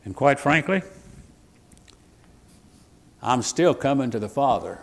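A male pastor gives a folksy sermon, quoting old scripture and chuckling at his own jokes. His gravelly, sing-song voice moves at a slow pace, its pitch swooping widely between loud, emphatic bursts and hushed, confiding asides.

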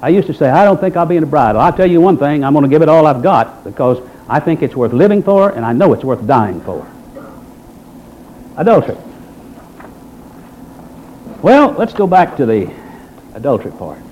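A man preaching a sermon in a folksy, dramatic manner, with mocking asides in a quiet voice. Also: a little high, very animated, moderate pace, pauses often, slight background noise. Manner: folksy Southern-style preaching with dramatic swings in volume. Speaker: pastor. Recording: dull lo-fi recording.

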